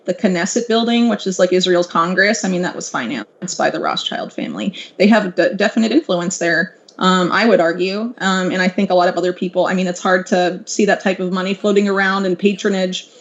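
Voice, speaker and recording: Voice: mid-range voice, a little fast, hardly any pauses, fairly bright tone. Explanatory podcast guest, dull lo-fi sound. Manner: explanatory, lecturing, many fillers. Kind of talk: casual podcast chat. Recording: dull lo-fi audio.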